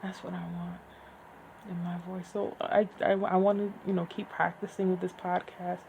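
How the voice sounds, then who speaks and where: A woman who hosts a podcast, reading her own fiction aloud and then chatting casually, with slow, deliberate enunciation and rambling asides. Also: on the low side, little pitch movement, creaky, warm tone, a little hiss or hum, low-quality recording. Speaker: podcast host and author.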